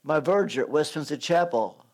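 A man's voice: a little high, animated, normal speed. An older man preaching a sermon, telling stories, acting out voices and joking when he loses his place. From United States.

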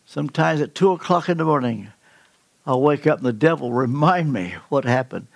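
Older male preacher, gravel in the voice, dry sound, storytelling delivery with big emphatic leaps. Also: on the high side, animated, normal speed, dry recording. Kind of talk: sermon.

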